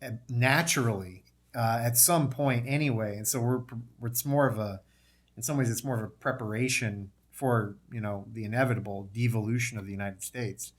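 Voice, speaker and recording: A man on a casual panel who thinks aloud in a relaxed way. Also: medium pitch, moderate pace.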